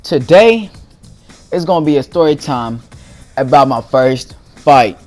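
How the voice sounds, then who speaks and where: A man's voice: mid-range voice, animated, a little slow, darkish tone, soft background music. A young man hosting a gaming channel, telling a story casually in slangy speech and laughing as he goes. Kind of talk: casual storytelling over gameplay.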